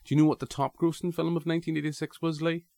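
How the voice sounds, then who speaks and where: A man's voice: fairly high pitch, level tone, very fast, creaky, dark tone, no room sound. A man hosting a podcast, chatting casually and animatedly, with frequent restarts. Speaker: podcast host.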